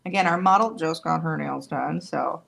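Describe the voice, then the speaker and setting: A woman's voice: low voice, moderate pace, creaky, fairly bright tone, a little hiss or hum. A chatty woman demonstrating nail tools while she works, casual and a little tired, joking at herself as she goes. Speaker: nail tech demonstrating products on a livestream. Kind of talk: casual live product demonstration.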